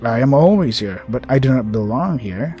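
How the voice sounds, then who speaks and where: An ancient spider creature, gentle and soothing, as a man reads it aloud. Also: mid-range voice, expressive, soft background music, lightly acted. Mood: tender. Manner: slow, soft and soothing.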